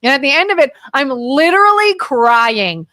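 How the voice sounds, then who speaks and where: A woman co-hosting a local talk radio show, telling rambling, animated stories in casual chat. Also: high voice, normal speed, no room sound, studio quality. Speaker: co-host.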